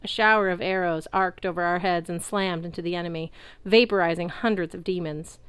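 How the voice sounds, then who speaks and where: A woman reading a novel aloud in a lively way, belting out the characters' shouts. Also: lowish voice, brisk, smooth, dry recording. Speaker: audiobook reader.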